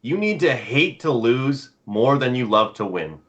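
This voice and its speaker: A man's voice: medium pitch, sing-song, unhurried, fairly bright tone. A man on a betting panel giving blunt, repetitive advice. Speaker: panelist handicapper. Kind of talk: casual betting panel talk. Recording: dull lo-fi call audio.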